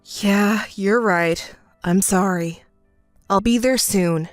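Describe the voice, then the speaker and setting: A woman's voice: mid-range voice, takes it slowly, no echo, studio quality, faint music behind, voice pushed down, natural voice. A woman voicing an evasive young husband who keeps apologizing and making excuses. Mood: apologetic. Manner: placating, apologetic.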